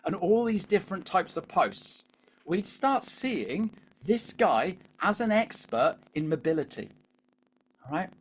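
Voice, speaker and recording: A man's voice: sits high, big pitch swings, unhurried, slightly rough. Chatty British man coaching a webinar. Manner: chatty, keeps asking the audience "all right?". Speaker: LinkedIn coach. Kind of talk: live webinar coaching talk.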